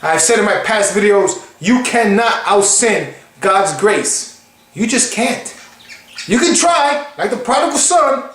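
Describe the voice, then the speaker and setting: A man's voice: sits high, lively intonation, measured pace, fairly bright tone, echoey room. A man preaching in a casual, conversational way, emphatic and acting out quotes. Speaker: online preacher.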